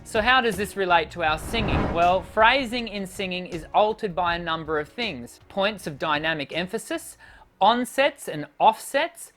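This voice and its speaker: A woman vocal coach giving a singing lesson in a clear, expressive teaching voice. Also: on the low side, moderate pace, music in the background.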